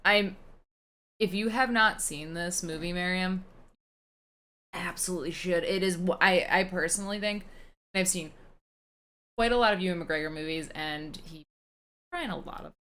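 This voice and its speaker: A woman co-hosting a podcast in loose, casual chat. She rambles through stories with plenty of fillers and curses, and her voice sits a little low. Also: moderate pace, long pauses, a bit bright. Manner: swearing, rambling anecdotes with filler words. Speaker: podcast co-host.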